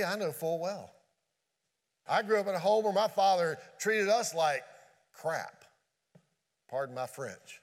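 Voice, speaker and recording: A man preaching a sermon as pastor, earnest, dropping low and quiet on key phrases. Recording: long hall reverb.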